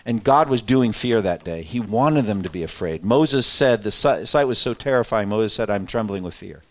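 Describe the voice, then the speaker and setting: A man leading a Bible class, reading scripture aloud with lively emphasis, then pausing to explain and put questions to the group in a conversational way. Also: lowish voice. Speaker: Bible study teacher.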